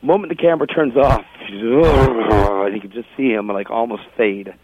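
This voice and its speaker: A man's voice: medium pitch, a little slow, a little mellow, husky, no echo. A man hosting a casual radio talk show, telling a funny story with plenty of laughs and restarts. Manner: chatty, laughing, self-interrupting. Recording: tinny phone-like radio audio.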